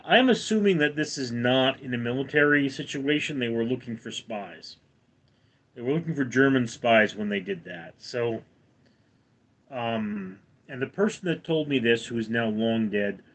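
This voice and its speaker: A middle-aged man with a General American accent hosting a casual livestream, reading out chat comments and answering them at a measured pace. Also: medium pitch, fairly bright tone. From United States. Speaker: livestream host.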